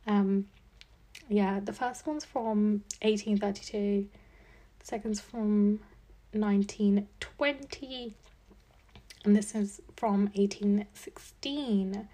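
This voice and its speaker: A woman's voice: mid-range voice, fairly even intonation, takes it slowly, warm tone. A twenty-year-old woman hosting a casual solo podcast, chatty and thinking aloud with lots of likes and ums. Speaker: podcast host.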